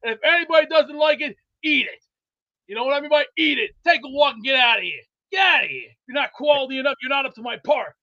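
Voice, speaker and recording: A man rambling excitedly about football and cooking in a boastful, comedic way, slightly out of breath. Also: extremely high pitch, fast. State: out of breath from exercise. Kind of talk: rambling comedic sports chat. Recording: dull lo-fi sound.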